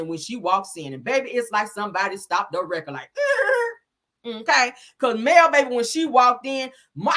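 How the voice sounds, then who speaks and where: A woman hosting a live stream, recapping a reality show episode in a sassy, blunt, animated way. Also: fairly high pitch. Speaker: host.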